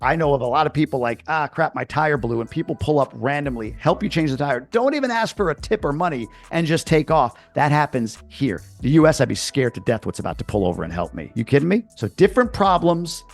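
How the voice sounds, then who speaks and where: A man vlogger ranting in indignant, sarcastic commentary. His pitch rises and falls in a lively, animated way as he argues his point. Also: fast talker, hardly any pauses, soft background music. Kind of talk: heated commentary rant. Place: lives abroad.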